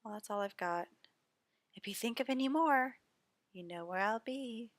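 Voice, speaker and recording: A woman's voice: a little high, moderate pace, no room sound. A woman streaming a game, chatting casually with amused asides between reading the dialogue aloud. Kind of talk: casual let's play commentary.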